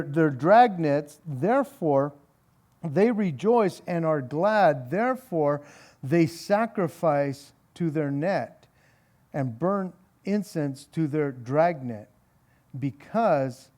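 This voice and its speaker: A man leads a relaxed evening Bible study as its pastor, his voice sitting high for a man. He moves slowly and deliberately through the scripture reading. Then he unpacks it in a chatty, wry way, with small chuckles and doubled-up words. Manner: reads scripture aloud, then talks it through with wry sarcasm; frequent repeated words and chuckles. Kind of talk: conversational Bible study sermon.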